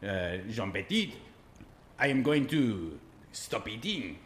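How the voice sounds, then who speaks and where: A man's voice: on the low side, very animated, fairly bright tone, a little hiss or hum, heavily acted. A man putting on a hammy French baker. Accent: put-on French. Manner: halting, over-the-top, lots of "uh". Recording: roomy echo, faint background.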